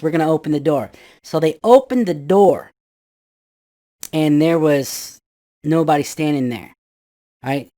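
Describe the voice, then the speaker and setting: A man's voice: fairly high pitch, darkish tone. A man in his fifties casually telling a ghost story from his youth, rambling with restarts and acting out his friends' voices.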